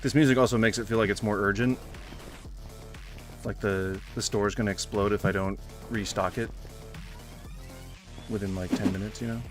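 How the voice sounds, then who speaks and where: A man's voice: on the low side, steady tone, moderate pace, long pauses, over music. A man giving casual gameplay commentary in a rambling manner, swearing freely and yelping suddenly. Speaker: gaming YouTuber.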